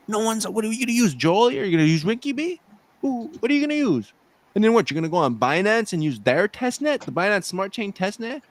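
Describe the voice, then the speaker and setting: A man co-hosting a casual crypto talk show, ranting in a profane, animated way. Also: sits high. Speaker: co-host.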